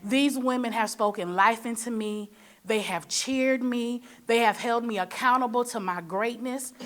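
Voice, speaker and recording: Woman giving a lively motivational speech. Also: a little high. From Michigan, USA. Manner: preacher-like, rhetorical questions to the audience; lively storytelling with playful asides. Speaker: panel moderator.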